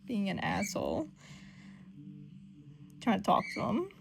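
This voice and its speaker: A woman's voice: medium pitch, wildly swooping pitch, unhurried, vocal fry, over music. A woman giving casual, profane, chatty commentary while reading comics aloud. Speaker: comic reader.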